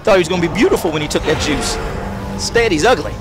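A man doing excitable, trash-talking commentary on the game he is playing. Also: fairly high pitch, fast talker. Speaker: let's play gamer. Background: game music.

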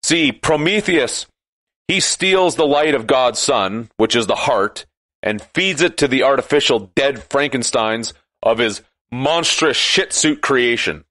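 A man delivering an impassioned, sarcastic monologue that at times rises to shouting. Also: medium pitch, lively intonation, a little slow, no room sound.

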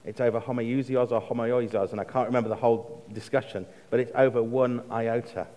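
A man's voice: mid-range voice, fairly even intonation. English man preaching in a reverberant church. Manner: measured, slows for emphasis, drops to a hush on quotes. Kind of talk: sermon. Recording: long reverb of a church hall.

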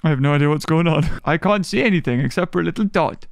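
A man's voice: on the high side, quick pace, creaky, noisy background. A young man commenting on a game playthrough, goofy and jokey, with sudden squeals and silly voices. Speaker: gaming YouTuber. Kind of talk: let's play commentary.

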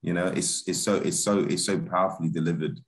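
A man's voice: low voice, fast. A man, a film director talking casually as an interview guest, laid-back and laughing easily, with many restarts and fillers. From Britain.

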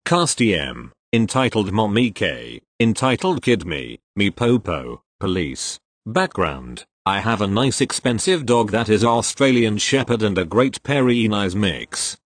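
A man reads forum posts aloud in a lowish voice whose pitch moves a great deal from line to line. He spells out abbreviations letter by letter, and the recording is dry and close, with no room sound. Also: big pitch swings, measured pace, few pauses, no room sound. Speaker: reader of online posts.

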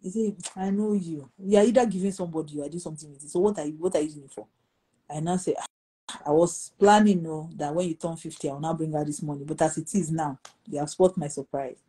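A middle-aged woman with a Nigerian accent tells a story in a relaxed, mellow, slightly husky voice. She acts out the quoted lines as she goes, playing each part in the exchange. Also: low voice, fast talker, low-quality recording. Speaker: pastor. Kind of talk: storytelling in a talk show conversation.

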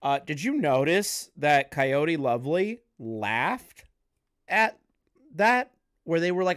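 A man hosting a reaction commentary, speaking bluntly and crudely and slowing down hard to stress his points. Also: fairly high pitch, very animated, fairly bright tone, clear, resonant tone, dry recording, studio quality. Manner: blunt, crude, slows down for emphasis. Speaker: commentary host.

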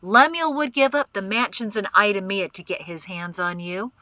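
A woman's voice: mid-range voice, normal speed, no echo, natural voice. A woman reading an audiobook, voicing a stern, protective middle-aged man who is the group's guide and an exasperated uncle. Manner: forceful and exasperated.

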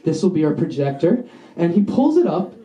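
A man's voice: a little high, big pitch swings, fairly quick, warm tone, reverberant, faint music behind, rough recording. A young man doing a stand-up set in a small basement venue, telling a rambling, profane story and throwing in asides to the crowd. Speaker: stand-up comedian.

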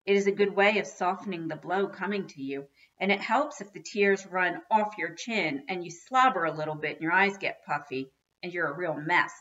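A woman reading a children's book aloud with expressive storytelling. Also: on the low side, normal speed, lo-fi sound. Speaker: reader.

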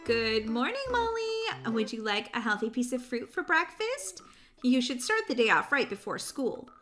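A woman's voice: a little high, very animated, moderate pace, music in the background. A woman voicing a sly mother figure who talks sweetly and teasingly. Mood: sugary. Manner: sweet, falsely soothing, teasing. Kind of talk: animated roleplay voice acting.

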